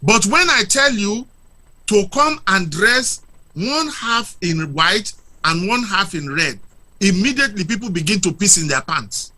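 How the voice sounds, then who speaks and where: Male guest, very bright and high, swooping pitch, lectures with rhetorical questions. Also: sing-song, unhurried. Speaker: guest speaker. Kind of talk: impassioned argument on a talk show.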